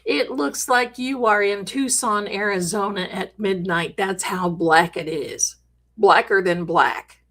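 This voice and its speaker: A woman's voice: mid-range voice, takes it slowly, fairly bright tone. A middle-aged woman hosting a live stream, telling a story in a chatty, dramatic way with jokey asides. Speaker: host.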